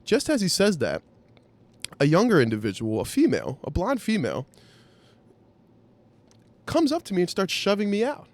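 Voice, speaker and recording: Animated man telling a wry story. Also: high-pitched, normal speed, long pauses. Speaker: podcast host. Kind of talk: storytelling anecdote.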